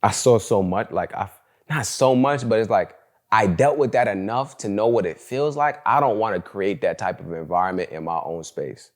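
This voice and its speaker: A man's voice: on the low side, normal speed. A young man hosting a solo podcast, talking casually and candidly in slangy storytelling, with "bro" and "like" all through his speech. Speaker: podcast host.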